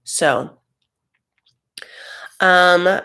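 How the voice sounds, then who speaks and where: A man's voice: high voice, drawn-out words, creaky, bright, forceful tone, smooth. A man hosting a reality TV reaction show, recapping in a sassy, gossipy, campy way. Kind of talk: casual TV recap commentary.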